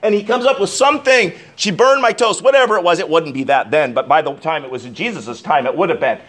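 A man with a high voice preaches a sermon. His delivery swings between sharp, loud emphasis and low, hushed asides, and he keeps turning to his listeners with direct questions. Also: expressive, fast talker. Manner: asks the congregation direct questions. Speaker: pastor.

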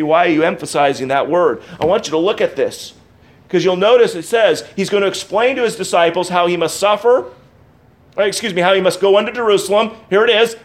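A middle-aged man preaching a sermon as pastor, emphatic, repeating key words and swinging between loud stresses and quiet asides. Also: high-pitched.

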